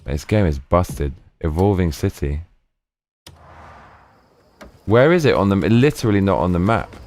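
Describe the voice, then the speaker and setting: A man's voice: low-pitched, expressive, a little slow, a little mellow. A man streaming a video game live, muttering frustrated reactions and chatting with viewers. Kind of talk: live gameplay commentary.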